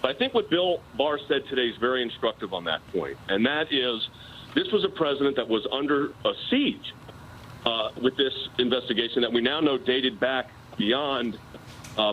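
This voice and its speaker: A man's voice: medium pitch, animated, normal speed, dull audio, slight background noise. A man, a personal attorney, arguing his case insistently in a live TV news interview. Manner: insistent, argumentative legal explanation.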